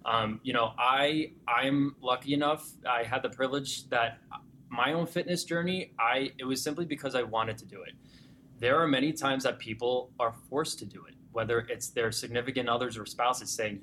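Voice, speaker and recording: A man's voice: mid-range voice, moderate pace, slight background noise. Enthusiastic male fitness coach telling client stories. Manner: animated storyteller, grows excited and emotional when recounting clients. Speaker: fitness gym owner or coach. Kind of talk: conversational interview storytelling.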